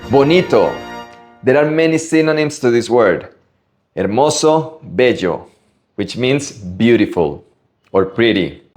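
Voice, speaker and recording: A man from Latin America teaching Spanish vocabulary, slowly drilling pronunciation word by word. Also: medium pitch, expressive, darkish tone, faint music behind. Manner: slow, careful pronunciation drills. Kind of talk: vocabulary lesson.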